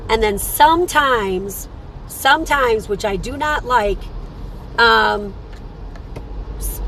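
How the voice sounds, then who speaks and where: A woman's voice: medium pitch, a bit bright, a little hiss or hum, poor audio. A woman who works as a psychic medium and hosts a show, telling a story in a rambling, casual way and repeating phrases for emphasis.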